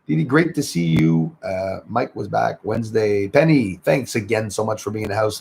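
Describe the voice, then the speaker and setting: A man's voice: on the low side, expressive, moderate pace, gravelly, hardly any pauses, darkish tone, breathy edge. A man hosting a casual livestream, chatting with viewers, greeting them by name and often saying "eh". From Canada. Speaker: livestream host.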